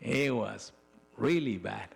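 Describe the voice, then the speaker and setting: A man's voice: mid-range voice, lively intonation, creaky, breathy edge, soft background music. Middle-aged guy w telling his testimony in church, emotional, keeps restarting. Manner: emotional, halting storytelling with frequent restarts. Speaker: church member giving a testimony. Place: church sanctuary.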